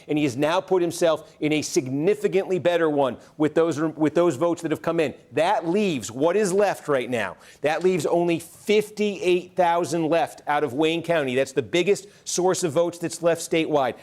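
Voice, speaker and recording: A man's voice: on the high side, darkish tone. A man working as a TV election analyst, rattling off county vote counts on a live results night and talking chattily between the figures. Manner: chatty and enthusiastic between figures, with small restarts.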